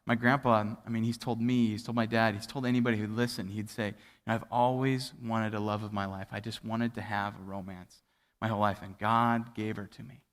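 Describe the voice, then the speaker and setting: A man preaching a sermon as a pastor, telling a family story in a loose, conversational way with many fillers and restarts, and falling to a near hush at the tender parts. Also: fairly low pitch, level tone, fairly quick. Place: church auditorium. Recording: livestreamed with long hall reverb.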